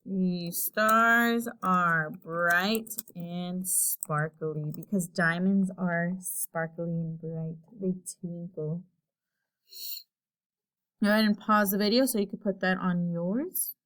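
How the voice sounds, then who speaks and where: A woman teacher giving a recorded lesson, explaining slowly and patiently and thinking aloud while she types. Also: mid-range voice, bright, forceful tone.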